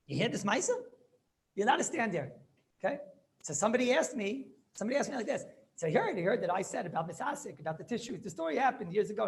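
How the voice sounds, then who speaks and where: Gravelly rabbi teaching with Yeshivish lilt. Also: male voice, high voice. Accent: Yeshivish English. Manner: storytelling, repeats phrases, asks students questions. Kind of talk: animated Torah class with Yiddish and Hebrew terms.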